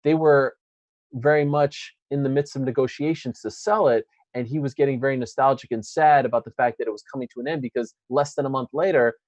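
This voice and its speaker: Animated male interviewer telling a story. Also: medium pitch, a little fast, no room sound, poor audio. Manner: animated storyteller acting out quotes.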